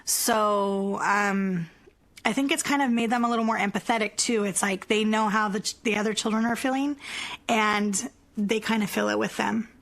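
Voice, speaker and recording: A woman preschool teacher reflecting on her classroom in a relaxed interview, with some hesitations. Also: medium pitch, moderate pace. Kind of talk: interview about classroom practice.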